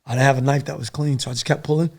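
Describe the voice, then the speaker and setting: A middle-aged man, a podcast guest and former soldier, telling a war story in a profane, animated, rambling way. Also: mid-range voice, rapid-fire, creaky, a little hiss or hum.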